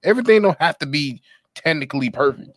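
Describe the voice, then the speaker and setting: A man who is a guest on a casual podcast, relaxed and slangy, sometimes searching for words. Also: fairly high pitch, quick pace, no room sound, studio quality. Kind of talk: casual chat.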